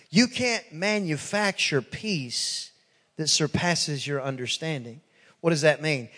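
A male pastor preaches with emphatic repetition, his voice sitting fairly high. He stacks phrase on phrase and retells conversations line by line. The sound carries a long reverb from the church hall. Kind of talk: sermon.

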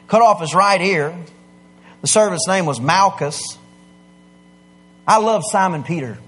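A man preaching a sermon, swinging from quiet asides to loud, emphatic declarations. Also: high voice. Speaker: pastor.

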